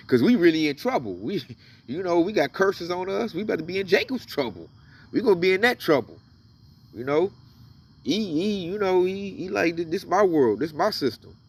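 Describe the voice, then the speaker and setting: Animated man riffing on scripture. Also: sits high, husky, recorded from a distance. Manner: animated, emphatic, reads verses aloud then riffs on them. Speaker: religious commentator. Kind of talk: casual scripture commentary.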